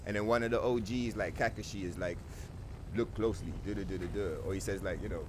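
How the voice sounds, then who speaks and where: A man's voice: fairly low pitch, steady tone, fast talker, noisy background. A young man streaming a game, ranting casually with lots of profanity and playful mock voices. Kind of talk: casual livestream rant while gaming.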